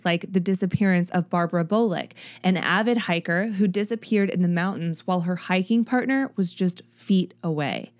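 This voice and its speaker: A woman, hosting a casual true-crime podcast in a chatty, animated way. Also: mid-range voice. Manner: chatty, animated, self-deprecating. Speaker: podcast host.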